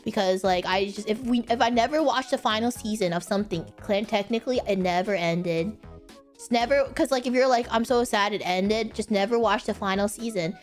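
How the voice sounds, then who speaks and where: A young woman streamer answering viewer questions in a casual, rambling chat, often breaking into high giggles. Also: brisk, soft background music. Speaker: virtual streamer.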